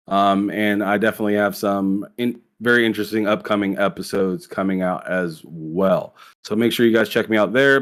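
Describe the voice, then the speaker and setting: A man's voice: on the low side, fairly bright tone, clear, resonant tone. A man guesting on a gaming podcast, easygoing as he points listeners to his own channels. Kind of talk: casual podcast chat.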